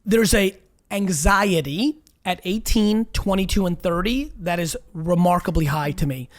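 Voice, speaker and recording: A man's voice: sits high, a little slow. A man hosting an interview show, talking bluntly and emphatically, swearing and urging his guest on. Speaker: show host. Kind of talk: energetic interview talk.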